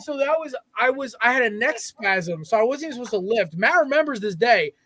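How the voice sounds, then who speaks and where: A young man co-hosting a sports podcast, telling animated stories in casual banter. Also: very high-pitched, fairly quick. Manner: animated storyteller. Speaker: podcast co-host.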